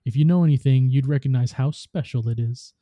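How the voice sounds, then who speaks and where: Man doing a scornful female ghost, scoffing, dark tone, dry. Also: mid-range voice, brisk, dry recording, natural voice. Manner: sneering, scoffing.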